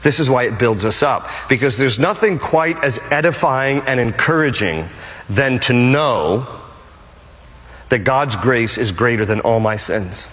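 A man's voice: medium pitch, animated, measured pace, a bit bright, big-room sound. A male pastor preaching a sermon emphatically and repeating his key phrases.

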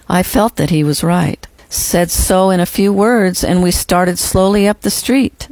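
Measured, reverent audiobook narrator. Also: medium pitch, steady tone, darkish tone, dry recording. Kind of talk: audiobook reading of a first-person memoir.

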